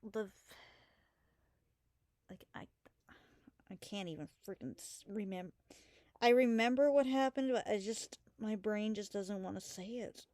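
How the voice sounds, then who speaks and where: A young woman telling a personal story in a casual vlog, halting and hesitant, trailing off mid-sentence and swearing casually. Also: medium pitch, level tone, mellow, dry recording. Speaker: vlogger.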